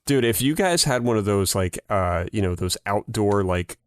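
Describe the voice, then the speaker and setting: A man's voice: lowish voice, normal speed, no room sound, clean studio sound. A young man co-hosting a gaming podcast, riffing with lots of swearing in a casual chat. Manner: swears a lot, animated riffing. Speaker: podcast co-host.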